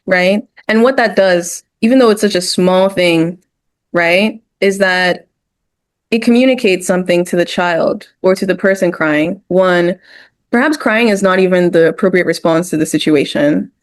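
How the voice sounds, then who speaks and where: A woman's voice: on the low side, moderate pace. A woman speaking as a therapist guest in an educational discussion, explaining ideas point by point and sometimes acting out short quoted voices.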